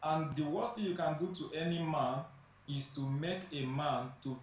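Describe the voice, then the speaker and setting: A man's voice: a little high, normal speed. A man speaking as a guest on a studio talk show, emphatic and repeating phrases for stress. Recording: echoey distant room mic, faint noise.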